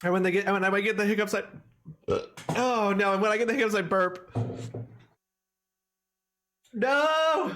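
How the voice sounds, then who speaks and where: A young man streaming a game live, reacting with excitable shrieks, swearing and silly asides as he plays. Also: high-pitched, slow, long pauses. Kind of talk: live gameplay commentary.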